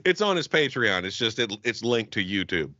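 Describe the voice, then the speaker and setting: A man's voice: on the low side, big pitch swings, normal speed, pushed and bright, no room sound, lo-fi sound. A man co-hosting a comedy podcast over a call, ranting in crude, mock-angry banter. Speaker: podcast co-host. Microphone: remote call mic.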